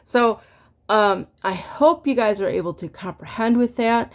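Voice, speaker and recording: A woman's voice: medium pitch, unhurried. A woman teaching a casual online music lesson, singing solfege syllables and chatting with fillers and laughs.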